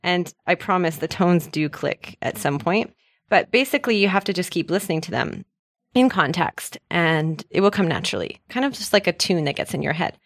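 A woman's voice: on the low side, expressive, moderate pace, no room sound, studio quality. A woman hosting a podcast language lesson, explaining patiently and cheerfully, often laughing as she prompts her co-host.

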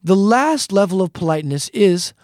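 A man's voice: high-pitched, lively intonation, moderate pace, darkish tone, no echo, studio quality. A man teaching a casual language lesson, friendly and repetitive, often calling the listeners "guys". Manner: friendly, repeats points, calls listeners "guys".

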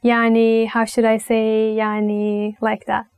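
A young woman with a Turkish accent teaching a language lesson, talking slowly and patiently, repeating phrases with many fillers. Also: fairly high pitch, monotone, a little mellow, clear, resonant tone, no room sound. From Turkey. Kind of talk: relaxed spoken language lesson.

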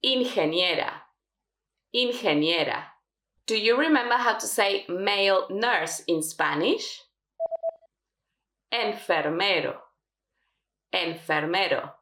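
Female teacher running a lesson drill; animated intonation, roomy sound. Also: mid-range voice, background noise. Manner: slow, careful modelling of words. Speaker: Spanish teacher.

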